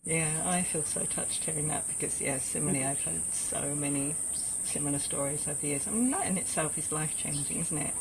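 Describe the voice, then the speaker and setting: Deep-voiced woman hosting over background noise. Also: fairly quick. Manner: reflective, gently enthusiastic. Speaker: podcast host. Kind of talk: conversational interview.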